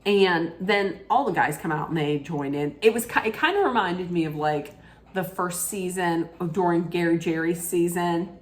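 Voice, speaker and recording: A woman's voice: fairly low pitch, normal speed. A woman giving a chatty, opinionated, rambling rant-style recap of a reality TV episode.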